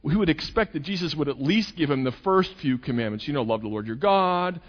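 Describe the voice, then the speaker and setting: A man's voice: a little high, animated, brisk. Preacher man in a reverberant hall. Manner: acts out quoted voices with sarcasm. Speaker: pastor. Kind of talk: sermon. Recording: dull sound with long hall reverb.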